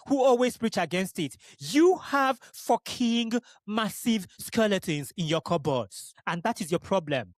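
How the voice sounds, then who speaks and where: A man's voice: high voice, no room sound, clean studio sound. A young adult man from Nigeria, hosting a podcast. He talks straight to the listener in a passionate, blunt solo monologue and swears often. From Igbo region of Nigeria. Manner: emphatic, blunt, frequent swearing, direct address. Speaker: podcast host.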